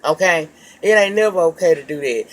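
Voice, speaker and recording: Speaking fairly quickly in a lowish register, a woman gives a gossipy, casual recap of a reality show episode. She swears freely, tells it with animation, and calls her audience child and baby.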